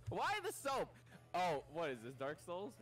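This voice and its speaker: A woman co-playing a game on stream, chatting in a laid-back, teasing way with quiet asides. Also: fairly low pitch, sing-song, a little slow, faint music behind. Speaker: streamer's co-player. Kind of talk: casual gaming stream chat.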